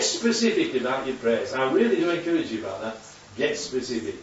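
A man preaching an interactive sermon, animated and quizzing the congregation as he goes. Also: medium pitch, fairly quick, slight background noise. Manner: animated, asks the congregation questions. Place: church hall. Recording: echoey hall from far off, dull.

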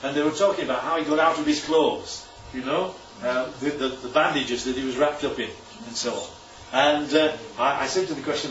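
A man preaching a sermon, animated and emphatic, often checking in with "right?". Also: on the high side, normal speed, hardly any pauses, slight background noise. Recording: echoey room, distant mic, dull sound.

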